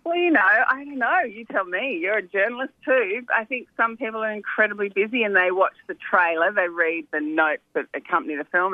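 Over a tinny, dry telephone line, a woman documentary filmmaker with a fairly low voice tells stories animatedly. It's a chatty phone interview, sprinkled with frequent "you know" asides.

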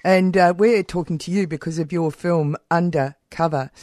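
A radio host interviewing a guest, pausing often with "uh" while hunting for words. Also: mid-range voice, steady tone, darkish tone, dry recording. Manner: hesitant, many "uh" pauses.

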